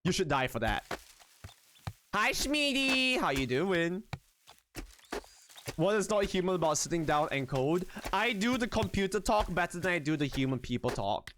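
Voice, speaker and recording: A man live-streaming a game, chatting casually with his viewers in an excitable, animated way and swearing freely. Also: a little high, fairly quick, few pauses, a little hiss or hum.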